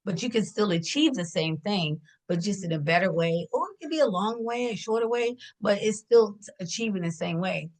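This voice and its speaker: A middle-aged woman from Washington D.C., a hair stylist, chatting casually in an interview and telling animated stories, laughing often and acting out the voices of the people she quotes. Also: mid-range voice, brisk, few pauses.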